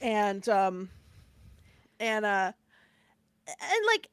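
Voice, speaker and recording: A woman co-hosting a podcast, telling a story in a chatty, animated way, with lots of fillers and asides. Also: medium pitch, drawn-out words, smooth, dry recording. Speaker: podcast co-host. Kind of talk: casual chat, storytelling.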